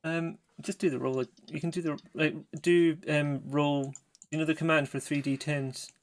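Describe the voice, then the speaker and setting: A man's voice: on the high side, level tone, moderate pace. A man acting as game master, explaining the rules and narrating in a casual, hesitant way. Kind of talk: running a tabletop game.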